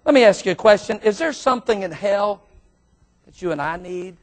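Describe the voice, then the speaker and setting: A middle-aged male pastor telling a story from the pulpit. He is animated and excitable, and his voice sits very high and bursts into shouts at the exciting moments. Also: fairly quick. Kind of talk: sermon storytelling.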